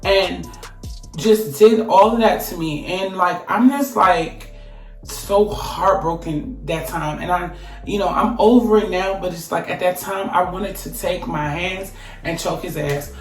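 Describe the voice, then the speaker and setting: A woman telling a casual storytime, emphatic and profane, her voice swelling into loud outbursts. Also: on the low side, unhurried. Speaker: vlogger. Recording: echoey room, from a distance, faint music.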